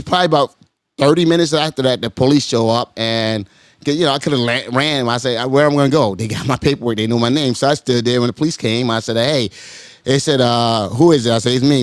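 At a podcast mic, a guest tells his friends a long, animated story, repeating words and saying "hold up, hold up." His pitch jumps way up whenever he plays the people in it. The sound is close and dry, with no room and no echo.

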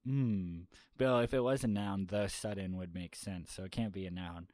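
A man's voice: deep voice, steady tone, normal speed, darkish tone. A man co-hosting a casual chat, rambling and teasing with many hesitations. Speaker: podcast co-host. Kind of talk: casual banter.

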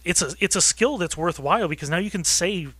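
Bright-voiced enthusiastic food guest. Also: male voice, high-pitched, brisk, breathy edge, dry recording. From Rochester, New York. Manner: enthusiastic, talks readily about food. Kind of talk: casual radio interview.

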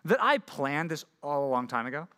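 Upbeat youth pastor, bright voice. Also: male voice, on the high side, brisk. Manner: energetic, jokey, keeps asking "right?". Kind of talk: youth sermon.

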